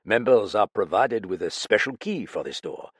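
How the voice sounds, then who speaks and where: A man reading an audiobook, voicing a police official who questions in a measured, pressing way. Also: fairly low pitch, expressive, breathy edge, no echo, studio quality. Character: sharp, probing male police official.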